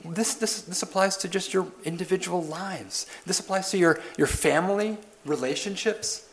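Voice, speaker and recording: A man's voice: high-pitched, lively intonation, moderate pace. A man preaching a sermon as pastor, pressing his listeners with questions and repeated lists. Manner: questioning, building emphasis through repetition.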